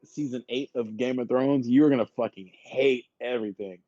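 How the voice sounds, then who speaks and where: A man co-hosting a podcast, telling animated stories in casual, profane chat. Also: mid-range voice, moderate pace, no room sound, muffled recording. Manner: animated storytelling with laughs and profanity. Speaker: podcast co-host.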